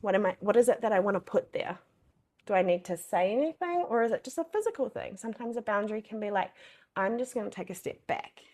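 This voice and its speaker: A woman's voice: mid-range voice, animated, fast talker, dark tone. A young adult woman coaching in a loose, conversational way. She peppers her talk with fillers and curses freely. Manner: chatty, swears freely, many fillers like "like". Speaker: boundaries coach. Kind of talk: casual masterclass talk.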